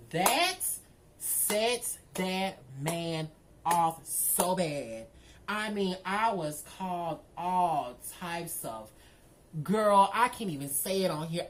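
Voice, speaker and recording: A woman telling a story to her viewers in a casual, sassy and profane way, often calling them girl and y'all. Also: lowish voice.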